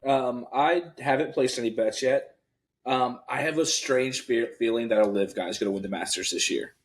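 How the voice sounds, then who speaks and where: A man's voice: mid-range voice, moderate pace, breathy edge. A man co-hosting a casual sports podcast, easygoing as he talks through his picks. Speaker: podcast co-host.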